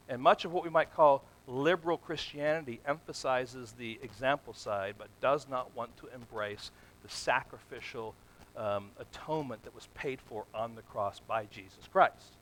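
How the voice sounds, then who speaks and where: A man preaching a sermon, asking the congregation questions and growing louder and more emphatic as he goes. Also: mid-range voice, rough recording. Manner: asks the congregation questions and answers them; builds from quiet to loud and emphatic.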